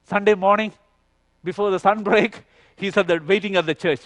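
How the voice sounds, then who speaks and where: Animated male conference speaker, dry sound. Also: high-pitched, normal speed, no echo. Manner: animated storyteller, acts out quoted dialogue, frequent "you know". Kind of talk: sermon storytelling. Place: youth conference stage.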